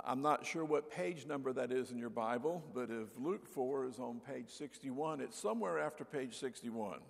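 An older man preaching a sermon as pastor, telling folksy stories and acting out the voices in them, with a gravelly voice. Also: medium pitch, long reverb tail. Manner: folksy storyteller, acts out voices. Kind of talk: sermon with anecdotes. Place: church sanctuary.

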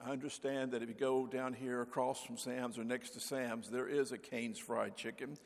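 An older man preaching a sermon as pastor, telling folksy stories and acting out the voices in them, with a gravelly voice. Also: mid-range voice, flat delivery, normal speed, in a large hall. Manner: folksy storyteller, acts out voices. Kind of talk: sermon with anecdotes. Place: church sanctuary.

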